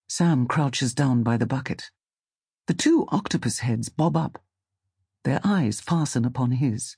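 Slightly breathy man reading a story. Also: mid-range voice, no echo, clean studio sound. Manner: calm, measured storytelling. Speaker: narrator. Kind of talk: scripted audiobook narration.

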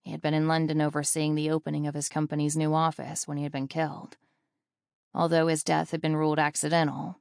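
A woman reading a novel aloud in steady, scripted audiobook narration. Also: low-pitched, vocal fry, dry recording, studio quality.

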